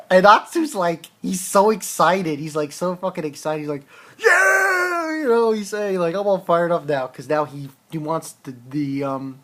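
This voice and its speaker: A man's voice: a little high, a bit bright. A man with a stuffy nose casually reviewing a manga chapter, rambling and hesitant with lots of restarts and fillers.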